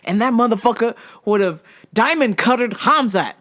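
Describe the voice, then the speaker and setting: A podcast host ranting casually about fights, swearing a lot and getting heated and excitable. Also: moderate pace. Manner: wide, jumpy pitch swings when worked up. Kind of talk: casual solo rant podcast.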